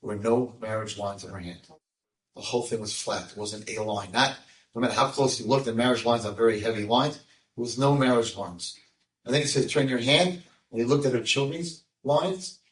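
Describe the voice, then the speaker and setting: Older rabbi telling a story in an echoey room. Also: male voice, mid-range voice, brisk. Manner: animated storyteller, acts out voices, jokes with the crowd. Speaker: rabbi giving a talk. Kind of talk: storytelling talk to an audience. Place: lecture room with audience. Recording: echoey room, mic at a distance.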